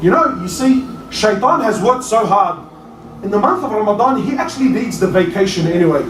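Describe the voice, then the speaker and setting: Aussie guy preaching, fired up and near shouting, sounds a bit far from the mic, faint room hum. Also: sits high, brisk. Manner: animated, rising to near-shouting on emphatic points, addresses crowd as brother. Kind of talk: passionate sermon. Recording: echoey hall, mic at a distance.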